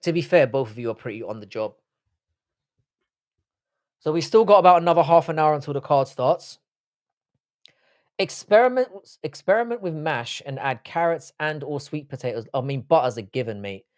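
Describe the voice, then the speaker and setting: A man's voice: fairly high pitch, animated, normal speed, long pauses, dry recording. A man hosts a live stream, chatting casually and reading out viewer comments. His talk is loose and sweary, full of teasing banter. The recording is dry and close, with no room sound. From Britain. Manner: joking, sweary banter with chat.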